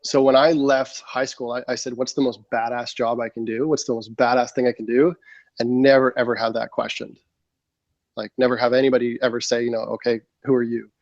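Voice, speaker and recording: A man in his thirties, a military veteran appearing as a podcast guest, tells a long story in casual talk as an animated storyteller, acting out his own quotes with frequent fillers. His voice is mid-range and a little fast. A slightly muffled, dry studio mic captures him.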